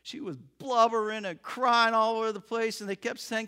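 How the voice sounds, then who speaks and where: A man preaching, telling a story with lively acted-out voices. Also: very high-pitched, moderate pace, smooth. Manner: animated, acts out voices in the story. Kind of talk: sermon storytelling.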